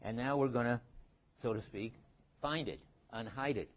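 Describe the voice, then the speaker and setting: A man's voice: mid-range voice, normal speed. An older man giving a university philosophy lecture, thinking aloud with frequent restarts and fillers.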